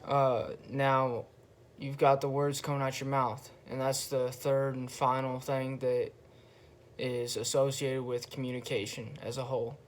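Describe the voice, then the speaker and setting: A young man giving a casual, relaxed monologue in a slow, flat, monotone way, pausing often and swearing freely. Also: mid-range voice, slight background noise. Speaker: podcast host.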